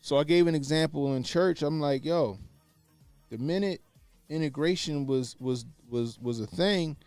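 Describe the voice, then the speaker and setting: A man's voice: on the high side, moderate pace, darkish tone, no room sound, faint music behind. A man talking in casual opinionated commentary, blunt and profane, repeating his points for emphasis. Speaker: podcast co-host.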